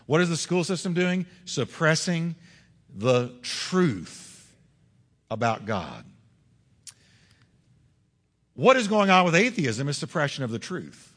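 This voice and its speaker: A man preaching with a rather high voice that leaps and dips through rhetorical questions. His delivery is emphatic, and the sound carries a long reverb like a church sanctuary. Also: big pitch swings, takes it slowly, long pauses, a bit bright. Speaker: pastor. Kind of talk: sermon.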